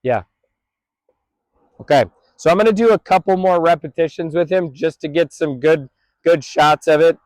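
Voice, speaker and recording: A man's voice: fairly high pitch, moderate pace, darkish tone, no room sound. Upbeat male dog trainer on a street. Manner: explains plainly, calls upbeat praise to a dog. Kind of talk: outdoor training talk to camera. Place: busy street outdoors.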